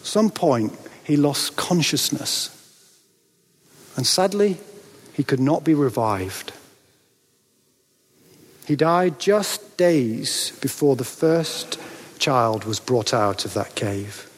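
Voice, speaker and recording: A man preaching a sermon in a church, dramatic, with rhetorical questions and pauses for effect. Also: medium pitch, lively intonation, husky. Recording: long reverb of a large hall.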